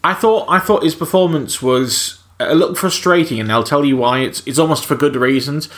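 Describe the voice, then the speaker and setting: A man's voice: a little high, normal speed. A man co-hosting a podcast, giving wry, opinionated takes on films. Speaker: podcast co-host. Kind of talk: casual film review chat.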